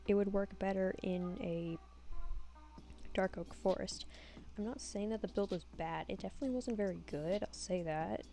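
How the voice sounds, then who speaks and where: Talking over her own game build, a woman with a lowish, mellow voice keeps things casual and rambling. Her humor is self-deprecating, with a sarcastic edge.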